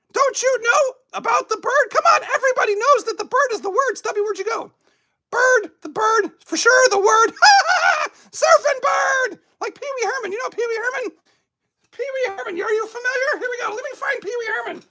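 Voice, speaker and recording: Shrill, rowdy skeleton host for a puppet comedy show, loud and giggly, played by a woman. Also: normal speed, exaggerated voice.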